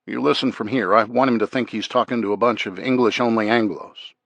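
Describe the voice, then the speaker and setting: A man's voice: lowish voice, fairly even intonation, a little fast, creaky, fairly bright tone, dry recording, dull audio. A man voicing a firm, controlled male army major in an audiobook.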